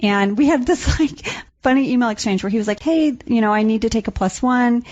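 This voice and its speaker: A woman's voice: fairly high pitch, fairly quick, darkish tone. A woman guesting on a radio talk show, telling chatty anecdotes and acting out what people said. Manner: chatty storyteller, acts out quotes. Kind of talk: casual chat. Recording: dull lo-fi sound.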